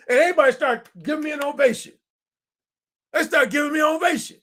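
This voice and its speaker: A man telling a story in a casual monologue, animated and repetitive, acting out the quotes. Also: very high-pitched, brisk. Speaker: dating commentator.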